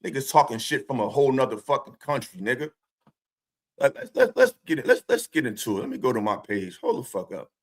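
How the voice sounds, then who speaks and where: A streamer hosting his own stream launches into a profane, confrontational rant packed with taunting rhetorical questions. His mid-range voice is very animated and fairly quick.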